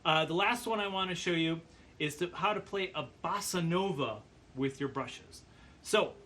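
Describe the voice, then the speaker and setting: A man giving a percussion lesson, calmly explaining brush patterns and counting beats aloud. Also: a little high, slight background noise. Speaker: percussion teacher. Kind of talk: instructional demonstration.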